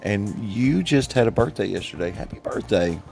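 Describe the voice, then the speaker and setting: A man's voice: lively intonation, moderate pace, creaky, darkish tone, soft background music. A middle-aged man hosting a casual chat, jokey and teasing. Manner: jokey, teasing, playfully deep put-on voice. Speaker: host.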